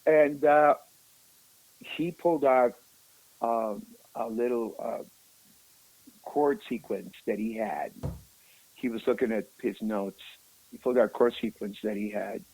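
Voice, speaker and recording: A rock musician telling a story in a casual interview, animated and emotional, often calling the listener "man". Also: medium pitch, measured pace, pauses often, husky, rough recording.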